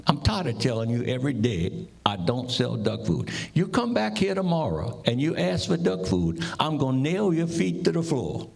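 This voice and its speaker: A man voicing a sly, easygoing Cajun storekeeper in his joke, with a gravelly voice. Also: mid-range voice, very animated, moderate pace, pitched above the performer's own voice, exaggerated voice.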